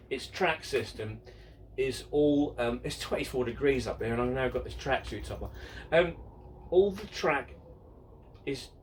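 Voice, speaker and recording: This man hosts a laid-back question-and-answer vlog on his model railway, speaking at medium pitch against slight background noise. His talk is rambling and chatty, full of repeated words, self-mockery and exasperation.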